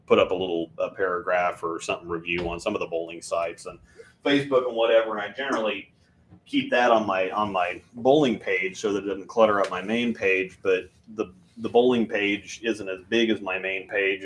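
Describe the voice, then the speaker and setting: A man's voice: sits low, steady tone, fairly quick, a little hiss or hum. A man co-hosting a casual bowling podcast, rambling and self-deprecating, with frequent restarts. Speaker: podcast co-host. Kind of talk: casual chat.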